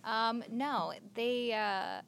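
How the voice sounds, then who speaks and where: A woman's voice: fairly high pitch, very slow, gravelly, fairly bright tone. Woman, young adult, podcast co-host, chatty, giggly, filler words, faint background hiss. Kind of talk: casual podcast chat.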